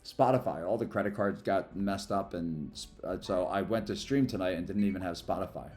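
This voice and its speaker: A man's voice: deep voice, a little mellow, faint music behind. A man livestreaming a mobile game, chatting casually and rambling about his day between plays. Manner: rambling, chatty, quick to thank followers. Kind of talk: casual live stream chat while gaming.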